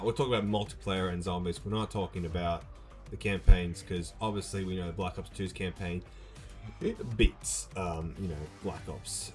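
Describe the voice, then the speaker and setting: Young man, lowish voice, casual gaming chat, lots of ums, faint music behind. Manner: rambling, with many fillers and restarts. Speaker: gaming video host.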